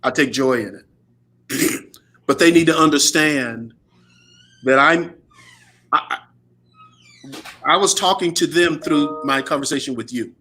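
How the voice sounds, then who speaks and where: Slow-talking older preacher man. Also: fairly high pitch, pushed and bright, soft background music. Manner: slow, preacherly, emphatic repetitions. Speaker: pastor and guest speaker. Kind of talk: preaching conversation.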